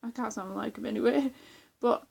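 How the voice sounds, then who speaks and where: A woman's voice: on the high side, moderate pace, creaky, darkish tone, slightly rough. A young woman chatting casually in a vlog, rambling with lots of fillers, restarts and giggles. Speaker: vlogger. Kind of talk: casual chat.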